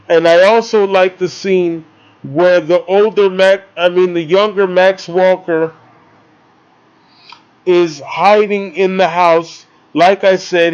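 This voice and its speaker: Rambling excitable man, high voice. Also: muffled recording. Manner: rambling and excitable, swears casually. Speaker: movie reviewer. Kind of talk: casual spoken movie review.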